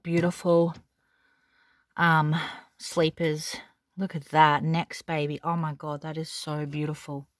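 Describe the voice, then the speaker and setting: A woman with an Australian accent gives a casual, gushing, rambling tour of her nursery at home, full of fillers. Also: lowish voice. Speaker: vlogger.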